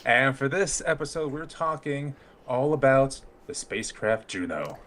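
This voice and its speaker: A man's voice: mid-range voice, animated, a little slow, a bit bright. A man leading a live podcast episode, giving a playful, jokey introduction. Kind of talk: casual live-stream chat.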